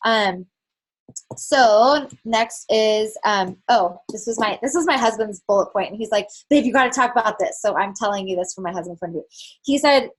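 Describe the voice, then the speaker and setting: A network marketing fitness coach with a husky, mid-range voice speaks at a normal speed on a team call. Her motivational talk is candid and casual, packed with fillers and the occasional swear word.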